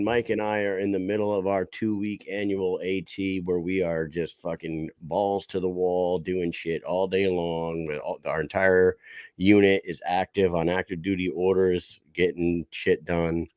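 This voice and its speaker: A man, co-hosting a casual podcast and telling stories in a loud, profane, animated way. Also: low-pitched, normal speed, no room sound, studio quality. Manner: boisterous, swears freely, animated storytelling. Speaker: podcast co-host.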